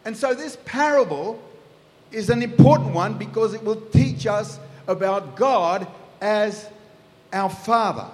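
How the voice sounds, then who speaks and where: A man's voice: sits high, animated, measured pace, darkish tone. A man preaching a sermon, telling the story vividly and acting out the scenes. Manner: storytelling, acts out scenes in voices. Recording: echoey hall.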